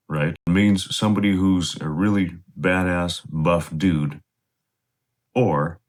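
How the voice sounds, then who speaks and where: A man talking casually to camera, explaining slang in a relaxed, direct way to his viewers. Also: sits low. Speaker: vlogger teaching slang.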